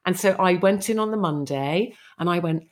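A woman's voice: on the low side, moderate pace. A middle-aged woman, a TV presenter, telling anecdotes animatedly in an interview and acting out quoted speech. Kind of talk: chatty anecdotal storytelling.

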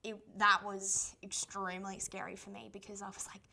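A woman's voice: mid-range voice, little pitch movement, moderate pace, creaky, pushed and bright. A woman, telling a personal story as a podcast host and quoting what others said to her in a chatty way. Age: 20s.

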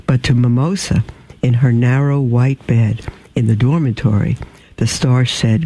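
A man reading a storybook aloud in a measured, unhurried way, with small slips and some throat clearing. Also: mid-range voice, fairly even intonation, dark tone, low-quality recording.

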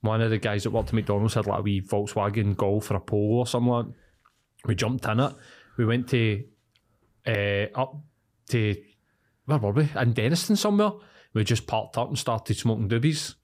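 A young man with a Glaswegian accent, co-hosting a podcast and telling animated, sweary stories in casual chat. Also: fairly low pitch, moderate pace. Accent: Scottish, Glaswegian. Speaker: podcast co-host.

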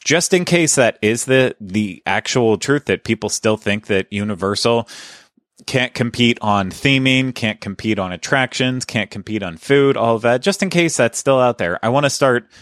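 A man's voice: mid-range voice, animated, normal speed, fairly bright tone, no echo, studio quality. A man hosting a casual podcast, chatting in a conversational way and often correcting himself mid-sentence. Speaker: podcast host.

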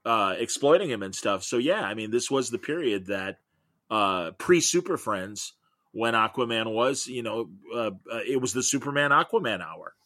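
A man's voice: mid-range voice, expressive, moderate pace, pushed and bright, dry recording. A middle-aged man, a comics podcaster, chatting as an interview guest and telling long, enthusiastic, rambling stories. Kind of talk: casual interview chat.

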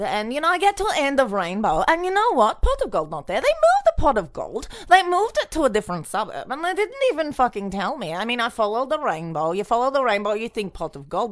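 A woman's voice: mid-range voice, dry recording, studio quality. A woman voicing a grumbling, aggrieved leprechaun who rants about a missing pot of gold. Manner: aggrieved rambling rant.

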